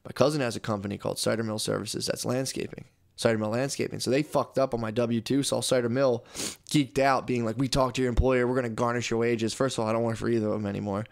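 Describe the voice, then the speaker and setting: A man's voice: mid-range voice, fairly even intonation, fast, vocal fry. A young man co-hosting a casual podcast, telling a long story with lots of swearing and playing out both sides of phone calls. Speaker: podcast co-host. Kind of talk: casual chat.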